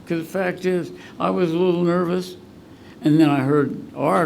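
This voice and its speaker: A man with a somewhat high, gravelly voice gives a personal recovery talk at a meeting, rambling and heartfelt. He chokes up as he speaks, and a faint hiss of noise sits under the audio. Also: fairly even intonation, normal speed, darkish tone. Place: meeting room at a school.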